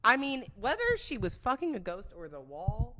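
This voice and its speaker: A woman's voice: a little high, wildly swooping pitch, normal speed, pushed and bright. A woman hosting a podcast, talking about sex with brash, crude jokes and an unfiltered manner. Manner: brash, crude, jokey, mimics voices in quotes. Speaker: podcast host. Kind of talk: unfiltered comedic sex talk.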